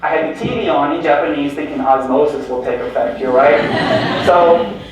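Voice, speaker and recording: A man's voice: on the high side, moderate pace, background noise. A man giving a conference keynote as stories, joking and quizzing the audience with questions. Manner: animated, jokey, addresses audience with questions. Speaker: keynote speaker. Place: large lecture hall. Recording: very echoey hall from far off.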